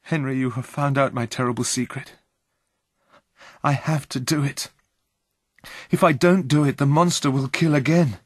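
A man's voice: steady tone, moderate pace, long pauses, slightly rough, no room sound, clean studio sound, natural voice. A man reading a story and voicing a frightened young scientist who cries out in panic. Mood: desperate. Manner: cries out in high-pitched panic.

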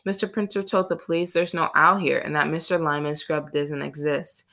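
Woman doing a plucky kid girl, eager whispery questions, voice pushed up higher. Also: steady tone, normal speed, a bit bright. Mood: eager whisper. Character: brave curious young girl.

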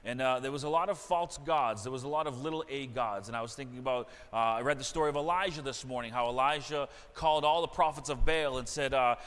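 A man's voice: mid-range voice, fast, hardly any pauses, a bit bright. A middle-aged male pastor preaching a sermon in a church, earnest and repeating key phrases for emphasis. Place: church sanctuary. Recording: long church reverb.

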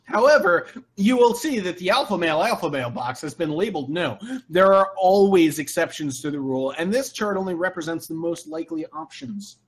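A man reads passages on a comedy podcast with dry, deadpan timing. His voice sits fairly high. He keeps a straight, matter-of-fact delivery. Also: fairly quick, few pauses. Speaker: podcast co-host. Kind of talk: comedic live podcast reading.

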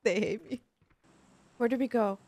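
A young woman streamer chatting casually while playing a game online, giggly and playful, quick to apologize. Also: fairly high pitch, dark tone, no room sound. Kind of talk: casual gaming stream chat.

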